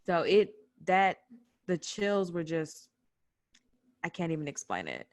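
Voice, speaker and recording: A young adult woman from the United States, telling a personal story on a podcast in an animated way, acting out what people said. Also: lowish voice, takes it slowly, dry recording. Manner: animated retelling with quoted voices. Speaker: podcast guest recounting a protest. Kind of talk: personal storytelling in casual chat.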